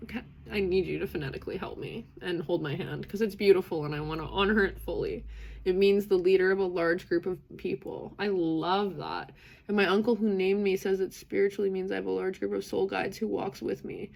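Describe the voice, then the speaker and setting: A young woman from Canada hosting a live stream, talking casually and earnestly with viewers, rambling and emotional with lots of fillers. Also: mid-range voice.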